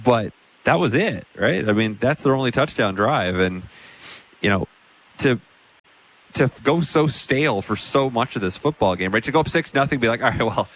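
A man co-hosting a sports talk show, speaking conversationally and thinking out loud. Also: medium pitch, lively intonation, normal speed, low-quality recording.

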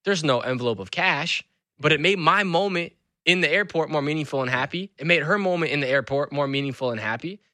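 A man's voice: fairly high pitch, a little fast, dry recording, studio quality. A man who is an author and school speaker, telling stories animatedly as an interview guest. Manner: animated storyteller. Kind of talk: conversational interview.

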